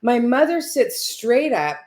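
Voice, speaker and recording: A woman's voice: fairly high pitch, sing-song, slow pace, darkish tone. A woman guest telling a personal story in conversation, earnest and chatty, often checking in with "right?".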